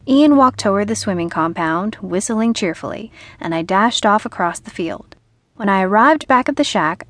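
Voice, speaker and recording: A woman narrating a humorous novel in the first person, with a lively storytelling manner, recorded on a studio microphone. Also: mid-range voice, no room sound. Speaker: audiobook narrator.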